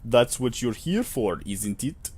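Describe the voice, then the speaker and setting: A man playing a towering, eerie clerk in a tabletop game, with a faux Russian accent, slow and politely deliberate. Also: mid-range voice, big pitch swings, darkish tone, slight background noise. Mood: coolly polite.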